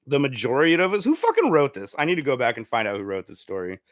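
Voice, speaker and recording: Hosting a comedy news show, this man reads the stories in a mid-range voice at a quick pace, then veers into profane, crude side comments and fits of giggling. His delivery jumps lively between muttering and outbursts. It's studio-quality audio with no echo.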